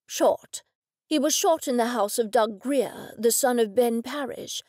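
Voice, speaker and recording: A woman voicing a formal, precise gentleman in a storybook reading, who enunciates every word loudly and clearly. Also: fairly high pitch, unhurried, no room sound, studio quality.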